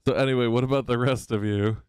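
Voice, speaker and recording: A man's voice: medium pitch, fairly even intonation, quick pace, clean tone, no room sound, clean studio sound. A man narrating a tabletop game as game master, playful and often laughing.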